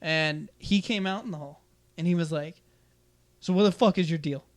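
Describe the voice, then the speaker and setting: Speaking at normal speed in a fairly high voice, a young man on his podcast spins a school story in loose conversation. He curses freely, stays animated, and belts out the quotes as he acts them.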